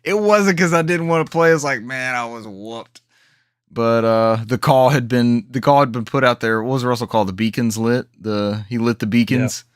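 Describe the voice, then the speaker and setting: A man co-hosting a live gaming podcast, telling stories in a casual, animated way and acting out quotes. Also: mid-range voice, a little fast, hardly any pauses, clean tone, no room sound, studio quality. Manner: animated storyteller, acts out quotes. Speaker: podcast co-host. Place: home setup on live stream.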